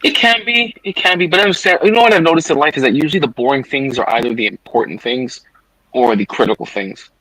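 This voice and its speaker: A man's voice: a little high, quick pace, pushed and bright, poor audio. A man in his thirties from the United States, talking casually on a voice chat, rambling and emphatic, swearing now and then. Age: 30s. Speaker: guest caller in a voice chat. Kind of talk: casual political debate on a voice chat.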